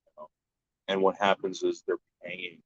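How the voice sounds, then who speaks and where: A man with a lowish voice chats casually on his stream and swears without a second thought. He restarts his sentences often and keeps talking bluntly to his viewers. The sound is dull and lo-fi, in a dry, dead room. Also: completely flat delivery, normal speed, a bit bright, no echo. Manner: blunt and profane, with frequent restarts. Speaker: live-stream host answering chat. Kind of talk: casual chat.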